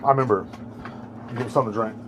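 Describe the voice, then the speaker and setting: A man's voice: mid-range voice, steady tone, very fast, background noise. A man hosting a podcast, ranting alone in a heated, rambling, profane way. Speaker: podcast host. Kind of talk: casual ranting monologue.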